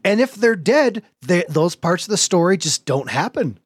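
A man hosting a podcast, telling a story in lively casual chat, laughing often and swearing now and then. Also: high voice, moderate pace, breathy edge, no echo, studio quality. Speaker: podcast host.

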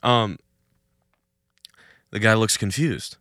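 Lively young man telling a story. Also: on the low side, slow pace, no echo, studio quality. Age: young adult. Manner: animated storyteller, laughs between lines. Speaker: podcast host. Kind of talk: casual storytelling. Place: outdoors in a cul-de-sac.

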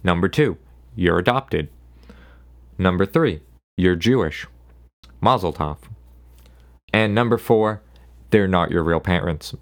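This solo podcast host is a man with a low voice who takes his time and pauses often. His talk is a loose, sarcastic ramble, and he keeps breaking off to start his sentences over.

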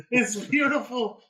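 A man hosting a podcast, telling an EMT story in casual chat, laughing and yelling out the punchlines. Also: very high-pitched, poor audio. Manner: animated, laughing, yells quoted lines. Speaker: podcast host; former EMT.

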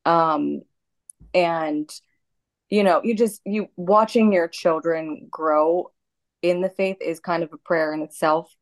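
A woman speaking as a guest over her phone in a casual talk, honest and quick to laugh lightly. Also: fairly low pitch, steady tone. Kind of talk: casual conversation.

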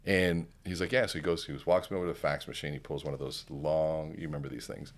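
A man with a very deep voice talks fast as a podcast guest and keynote speaker, telling a story in relaxed conversation. He's animated and acts out the dialogue he quotes.

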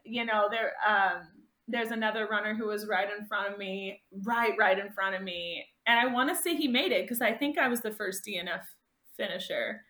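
A woman's voice: medium pitch, normal speed, sharp tone, roomy sound. A woman guest telling a race story in casual conversation, emotional and laughing often as she relives it. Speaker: guest ultrarunner.

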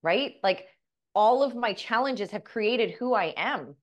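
A woman's voice: on the high side, expressive, slow pace. A woman co-hosting a podcast, talking earnestly and telling stories that quote the people in them. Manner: earnest, storytelling, quotes others in dialogue. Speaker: podcast co-host. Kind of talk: reflective podcast conversation.

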